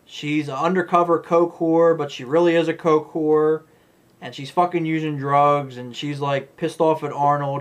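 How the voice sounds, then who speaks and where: A man's voice: on the high side, fairly even intonation, normal speed. A man giving a rambling, blunt, profane movie review rant.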